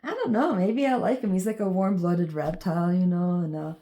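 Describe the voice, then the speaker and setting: A woman's voice: fairly low pitch, a little fast, dark tone. A woman vlogging in a casual, meandering monologue full of ums and you-knows as she shows her drawings.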